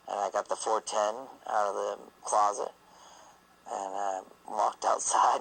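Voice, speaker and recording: A man's voice: lowish voice, level tone, measured pace, vocal fry, a bit bright, poor audio. A man telling a family story in a rambling, profane, loose way. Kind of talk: casual spoken storytelling.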